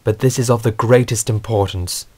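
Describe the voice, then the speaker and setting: A man's voice: fairly low pitch, fairly even intonation, normal speed, warm tone, breathy edge. A man playing a kindly, firm and polite male station master. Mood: apologetic.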